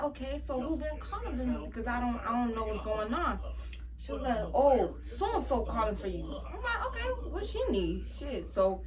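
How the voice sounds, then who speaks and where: Animated young woman telling a storytime. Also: fairly high pitch, recorded from a distance. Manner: animated, swearing, slangy. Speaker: vlogger. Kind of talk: casual storytime.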